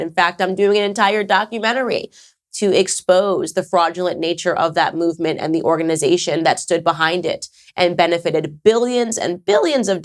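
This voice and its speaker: A woman in her thirties from the United States hosting her own show, talking in an emphatic, conversational way with sarcastic asides. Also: low voice. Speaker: podcast host. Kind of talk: casual commentary to camera.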